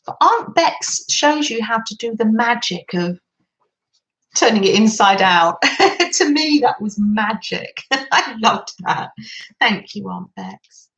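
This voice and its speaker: Slow, gentle woman chatting while crafting. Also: a little high, lively intonation, gravelly, low-quality recording. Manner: gentle and chatty, greets viewers in the chat; soft frequent laughter. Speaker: craft livestream host. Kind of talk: live-stream craft chat.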